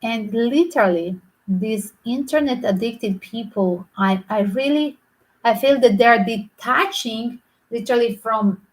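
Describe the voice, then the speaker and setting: A woman's voice: on the high side, measured pace, low-quality recording. A woman tarot reader talking through a rambling, opinionated vlog commentary, emphatic and full of restarts.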